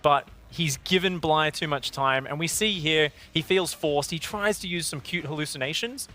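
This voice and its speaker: A man's voice: fairly high pitch, moderate pace, pushed and bright. A man with an Australian accent, an esports analyst walking through game replays at an analysis desk. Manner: explanatory, walks through replay.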